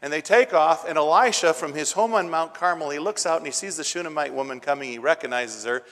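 A man's voice: a little high, fast, a bit bright. A man preaching a sermon, retelling a scripture story in a casual way and building to emphatic points. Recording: long hall reverb.

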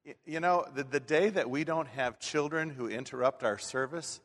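A man's voice: fairly high pitch, normal speed, a bit bright. A man preaching a sermon as a pastor in a church, talking in a folksy, conversational way with frequent restarts. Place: church sanctuary. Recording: long hall reverb.

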